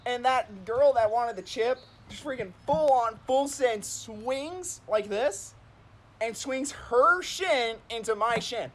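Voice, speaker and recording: A man's voice: extremely high pitch, unhurried. A man chatting on a stream, telling stories in a rambling way, with lots of "like" and laughing at himself. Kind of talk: casual storytelling chat.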